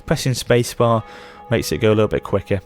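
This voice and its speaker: Chatty low-voiced man. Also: expressive, quick pace, soft background music. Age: 30s. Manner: chatty, rambling, frequent self-corrections. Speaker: gaming channel host. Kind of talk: let's play commentary.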